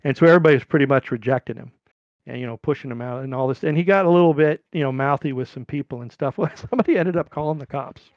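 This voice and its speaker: Gravelly middle-aged man telling a rambling story. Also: mid-range voice, quick pace, dry recording, highs cut off. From California. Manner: rambling, animated when quoting people. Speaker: podcast guest. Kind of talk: casual storytelling.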